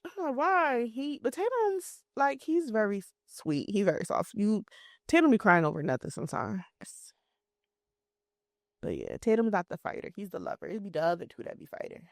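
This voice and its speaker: Thirties woman, podcast co-host, lively storyteller who acts out quotes, dry close sound. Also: medium pitch, fairly quick, gravelly, no echo. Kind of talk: casual chat.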